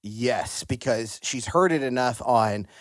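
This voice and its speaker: A man's voice: mid-range voice, takes it slowly, no echo. A man hosting a podcast, chatting in a jokey, self-deprecating way. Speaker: podcast host. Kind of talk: casual chat.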